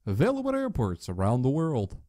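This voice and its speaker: A man casually commenting as he plays an old adventure game, relaxed and chatty, with jokey asides. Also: mid-range voice, fairly quick, no echo, studio quality. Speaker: let's play host.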